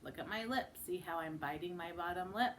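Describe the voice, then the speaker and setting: A woman teaching a children's phonics lesson. She models each sound slowly and with exaggeration, and breaks into sing-song chants. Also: fairly low pitch, fairly bright tone, a little hiss or hum. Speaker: speech and language teacher.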